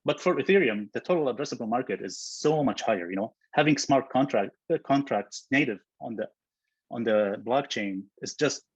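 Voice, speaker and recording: Man, husky voice, dry lo-fi call audio, thoughtful, lots of restarts. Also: medium pitch, animated, moderate pace, no echo. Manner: thoughtful, many fillers and restarts. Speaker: guest, software co-founder. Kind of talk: casual interview chat.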